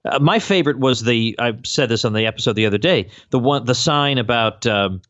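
A man's voice: mid-range voice, brisk, hardly any pauses, a bit bright, no echo, highs cut off. A male podcast host in casual political chat, ranting with exasperated, mocking disbelief.

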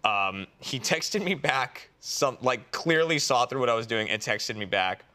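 A man's voice: mid-range voice, expressive, a little slow, pushed and bright. A man from Massachusetts, a podcast co-host telling stories in a dry, understated way. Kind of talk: casual chat.

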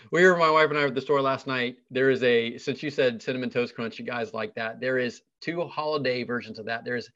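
A man co-hosts a loose podcast chat, firing off silly questions and laughing between them. His voice sits at an ordinary middle pitch. The recording sounds a bit dull and lo-fi. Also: bright, forceful tone. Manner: joking, laughs often, rapid-fire playful questions. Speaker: podcast co-host. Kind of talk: casual interview chat.

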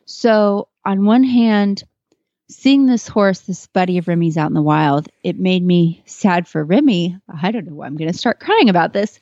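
A woman's voice: on the low side, animated, moderate pace, mellow, no echo, muffled recording. A woman guest telling a personal story in a casual interview, earnest and emotional, with many fillers and restarts. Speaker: podcast guest, horse trainer.

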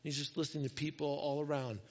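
A man's voice: on the high side, level tone, quick pace, long reverb tail, lo-fi sound. A male pastor preaching a conversational sermon, acting out the voices of the people he quotes.

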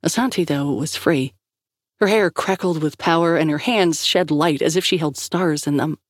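A woman narrating a story in a steady, measured reading. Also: low voice, no room sound, studio quality. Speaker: audiobook narrator. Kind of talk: scripted narration.

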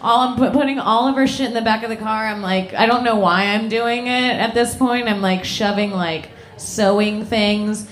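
A woman's voice: a little high, moderate pace, few pauses. A woman and podcast host telling a wild story in casual chat, swearing and laughing. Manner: lively, profane, laughing. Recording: roomy echo.

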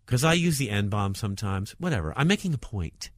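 A man, a stand-up comedian, talking provocatively in an interview, swinging between loud jabs and muttered asides. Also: lowish voice, very animated, a little fast, no room sound, clean studio sound.

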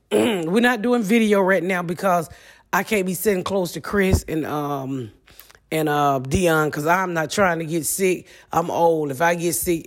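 A woman in her forties with a Midwestern US accent, hosting a podcast in a brash, profane, comic solo monologue. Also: low-pitched. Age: 40s. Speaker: podcast host.

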